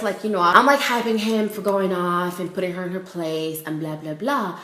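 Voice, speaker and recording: A young woman telling a casual storytime vlog, animated and laughing as she acts out everyone's lines. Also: on the low side, a little fast, few pauses, reverberant. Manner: animated, quotes people in voices, laughs a lot.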